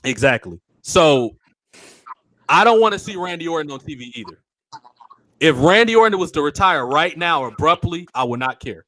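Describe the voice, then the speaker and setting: A man's voice: a little high, very animated, normal speed, sharp tone, dry recording. A man hosting a casual wrestling talk show, speaking bluntly and swearing freely. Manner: blunt and profane. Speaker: podcast host.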